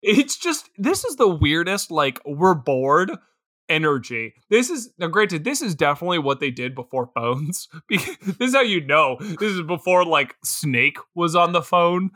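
A man's voice: on the high side, very animated, normal speed, sharp tone, no echo, clean studio sound. A man co-hosting a podcast in casual comedic chat, laughing often and swearing freely. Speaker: podcast co-host.

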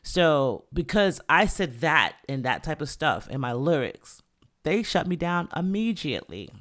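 A man from the Bronx, hosting a podcast and talking through his opinions in a rambling, animated way with lots of fillers. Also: on the high side, measured pace. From the Bronx, New York. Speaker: podcast host and rapper. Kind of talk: casual opinion talk.

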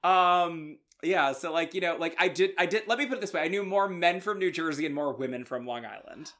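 A man co-hosting a casual podcast, animated and rambling, laughing as he talks. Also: on the high side, a little fast. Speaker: podcast co-host. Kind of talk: casual chat.

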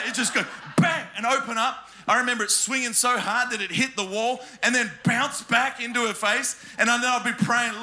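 A man with a high voice and a very bright, sharp tone tells comic stories to a crowd. He talks in an animated way, breaks into laughter often and adds his own sound effects. A faint hiss sits under the voice. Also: fairly quick, hardly any pauses. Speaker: speaker telling funny stories to an audience. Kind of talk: comic storytelling to a live crowd.

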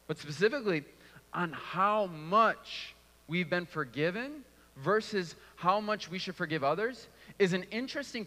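Male preacher, fairly high, bright tone, casual sermon delivery in a reverberant hall. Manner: conversational, repeats words when restarting.

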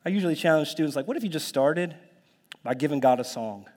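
A man preaching a sermon in a lively, conversational way, now and then dropping to a whisper or jumping to a shout. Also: fairly high pitch, fast talker. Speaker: pastor. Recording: long hall reverb.

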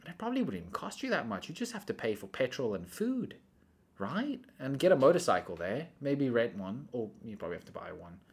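A young adult man in casual chat, telling rambling stories in animated bursts. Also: mid-range voice, fairly quick. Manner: rambling, animated storytelling that often breaks into laughter.

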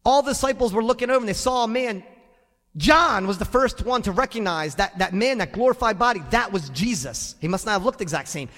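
A male pastor preaching a sermon in a church sanctuary, animated and conversational with touches of humor. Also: high-pitched, fairly quick, long reverb tail.

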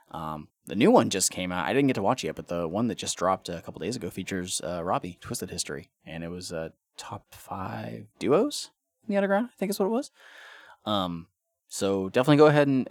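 A deep-voiced man talks through a casual podcast monologue, swearing freely and tripping over restarts as he rants. The sound is dry and close, with no room around it. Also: lively intonation, brisk, no room sound. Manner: profane and ranting, with stammered restarts. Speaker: podcast host.

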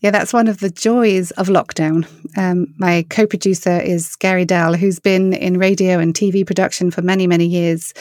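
A middle-aged woman with an English accent, a worship singer answering interview questions with earnest, storytelling warmth. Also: on the low side, moderate pace, few pauses, no room sound, clean studio sound. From England. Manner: earnest, storytelling, animated when quoting others.

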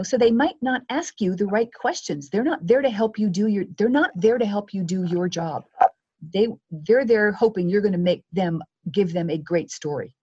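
A woman speaking as a guest media coach in a podcast interview, lively and acting out quoted exchanges. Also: lowish voice, husky, dull audio.

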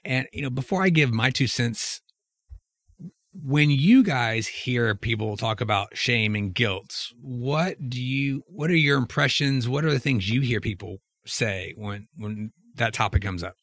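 A man's voice: mid-range voice, lively intonation, unhurried, a bit bright, no echo, studio quality. A man hosting a casual discussion and putting questions to the group. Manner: conversational, asks the group questions.

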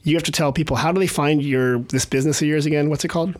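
A male host in casual chat, joking and teasing his guest with quick asides. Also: on the high side, fairly even intonation. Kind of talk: casual radio-style chat.

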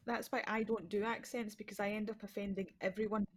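A woman's voice: medium pitch, level tone, a little fast, husky, dry recording. A woman co-hosting a podcast, speaking in a casual, self-deprecating chat. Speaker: podcast co-host.

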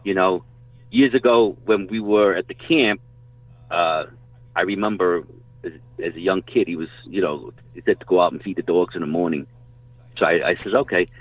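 Gruff folksy hunter on a phone line. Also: male voice, deep voice, normal speed, dry recording. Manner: rambling, swears casually, folksy. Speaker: guest hunter telling stories. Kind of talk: casual storytelling. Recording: tinny phone-line audio.

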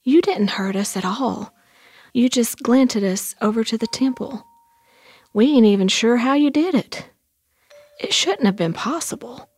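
A woman's voice: on the high side, unhurried, a little mellow, slightly rough, no room sound. A woman playing a folksy comforting aunt. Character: kindly motherly aunt in a rural Southern household.

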